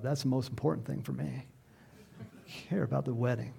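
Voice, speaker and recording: A middle-aged man preaching a sermon, telling a parable in a lively storytelling way and acting out the voices of the people in it. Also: medium pitch, a little fast, vocal fry, slightly rough. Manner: animated storytelling, acts out voices, laughs often. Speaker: pastor.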